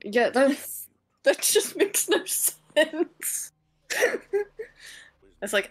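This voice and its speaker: A woman's voice: sits high, sing-song, very slow, long pauses, rough recording. Chatty woman reacting to a film. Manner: chatty, exasperated, laughs often. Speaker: reaction video co-host. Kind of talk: casual reaction chat.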